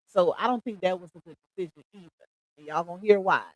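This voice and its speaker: A woman's voice: fairly low pitch, fast, a bit bright, no echo, rough recording. Chatty woman host commenting. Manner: chatty, sums up and gives opinions to the audience. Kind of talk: storytime commentary.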